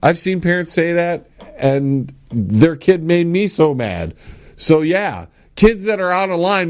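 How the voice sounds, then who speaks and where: A man hosting his own talk podcast, giving blunt, sarcastic opinions and mock-shouting the lines he quotes. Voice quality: animated with big pitch swings. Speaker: podcast host. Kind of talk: solo opinion talk show.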